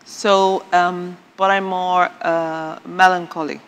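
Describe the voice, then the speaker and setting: Perempuan bercerita ekspresif dengan gema aula panjang, suara agak rendah. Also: female voice, lowish voice, slow pace, smooth, big-room sound. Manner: animated storyteller, laughs often, dry sarcastic humor. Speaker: guest on a marriage talk show. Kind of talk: casual talk-show conversation.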